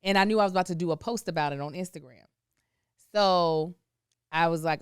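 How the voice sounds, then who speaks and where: A woman hosting a casual chat, telling a story in a lively, expressive way. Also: on the low side, fairly quick, pauses often, smooth, no echo, studio quality. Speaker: host.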